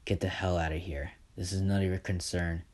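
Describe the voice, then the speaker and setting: A man doing a rough bullying street thug. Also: low voice, flat delivery, brisk, darkish tone, close to an everyday voice. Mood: threatening. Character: rough young male street thug, menacing.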